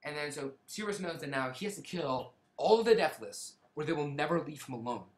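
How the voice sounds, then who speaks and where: A man's voice: on the high side, expressive, brisk, echoey room. A man casually retelling a book's plot in a rambling way, often restarting and hedging. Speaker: book reviewer. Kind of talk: casual spoken plot summary.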